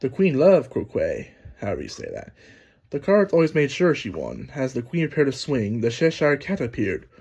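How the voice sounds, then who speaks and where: A man narrating a children's storybook aloud in a lively, expressive reading. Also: mid-range voice, normal speed, gravelly, breathy edge, dull audio. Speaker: storybook reader.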